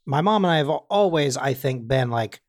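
A man's voice: mid-range voice, brisk. A young man co-hosting a podcast, chatting casually and telling rambling stories. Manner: rambling, animated storytelling with acted quotes. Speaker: podcast co-host. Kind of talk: casual chat.

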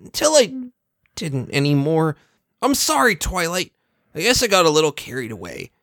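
Direction: as a podcast host putting on a contrite little dragon, earnest, big swoops of pitch. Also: big pitch swings, normal speed, fairly bright tone, no echo, studio quality. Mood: sheepish. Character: young male dragon, eager and sheepish.

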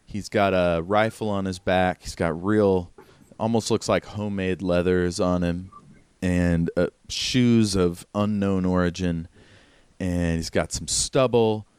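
A man narrating as game master of a tabletop role-playing game, relaxed and descriptive. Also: low voice, a little slow, clean tone, no echo.

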